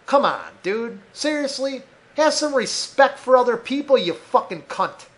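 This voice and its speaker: A man's voice: very high voice, big pitch swings, a little slow, a bit bright. A man hosting a podcast, ranting heatedly with constant swearing. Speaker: podcast host.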